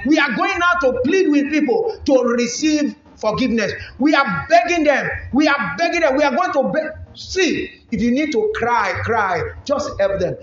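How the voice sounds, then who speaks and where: A man preaching a sermon, building to shouted emphasis and firing rhetorical questions at the congregation. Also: very high-pitched, lively intonation, normal speed, few pauses. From Ghana. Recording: echoey church hall, dull lo-fi.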